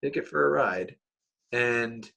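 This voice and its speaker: Bright-voiced man hosting a casual podcast. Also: mid-range voice, slow pace, creaky. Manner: rambling, lots of "like" and restarts. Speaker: podcast host.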